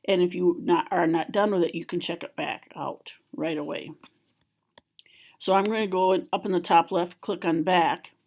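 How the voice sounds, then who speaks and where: A woman with a fairly low voice gives a screen-recorded software tutorial. She explains each step calmly and plainly, like a school library trainer talking viewers through clicks and menus. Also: normal speed, vocal fry.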